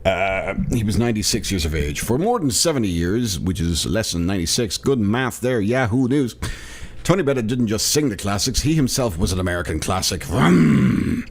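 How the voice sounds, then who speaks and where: A man's voice: on the low side, lively intonation, fairly quick. A tired man hosting a solo comedy podcast, riffing sarcastically on a news article and laughing at his own jokes. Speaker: podcast host.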